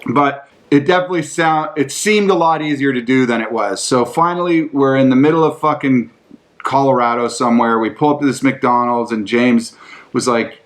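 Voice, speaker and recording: Male storyteller, mid-pitched, casual and profane, rambling delivery full of fillers. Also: moderate pace. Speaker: storyteller recounting skate trips.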